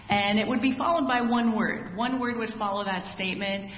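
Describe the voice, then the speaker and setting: A woman's voice: medium pitch, normal speed, a little hiss or hum. A woman preacher giving a conversational sermon, opening with a prayer and asking rhetorical questions. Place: church hall. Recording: echoey hall, dull sound.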